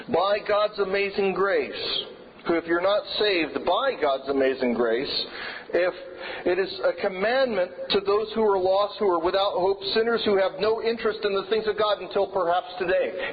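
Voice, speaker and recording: High-voiced man preaching in a reverberant hall. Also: a little hiss or hum. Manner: earnest, emphatic repetition of key phrases. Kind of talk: sermon. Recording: dull lo-fi sound with long reverb in a hall.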